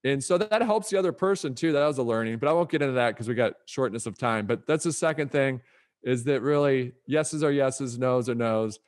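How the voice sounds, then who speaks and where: A middle-aged man speaks as a guest author on a podcast interview. He talks in an upbeat, motivational way with brisk delivery, at an average pitch for a man.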